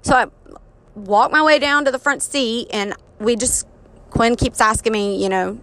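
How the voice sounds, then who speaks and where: A woman's voice: fairly high pitch, measured pace. A woman in her thirties telling an embarrassing story in a casual, chatty way, often poking fun at herself. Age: 30s. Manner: chatty, self-mocking, animated retelling.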